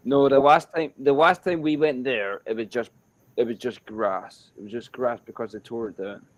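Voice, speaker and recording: A man with a Scottish accent telling a story in a casual chat, animated and repetitive and swearing freely. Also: medium pitch, normal speed, rough recording.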